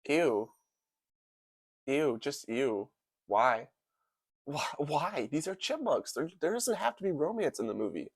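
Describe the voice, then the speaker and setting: A man's voice: fairly high pitch, very animated, slow, long pauses, slightly rough, no room sound, clean studio sound. A young man giving casual, comedic movie commentary, rambling and hyperbolic, full of "like" and "dude". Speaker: movie reviewer.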